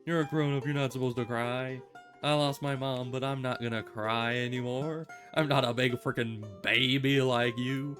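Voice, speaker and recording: A man's voice: mid-range voice, steady tone, normal speed, fairly bright tone, close to an everyday voice. A man reading the lines of a bossy young girl scolding a grown-up, over guitar music.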